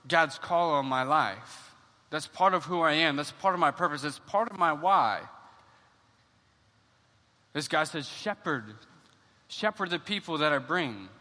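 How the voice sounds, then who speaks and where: High bright-voiced man preaching in a hall. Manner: animated storytelling, repeats words when excited. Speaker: pastor. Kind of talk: sermon with personal story. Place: church. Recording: long church hall reverb.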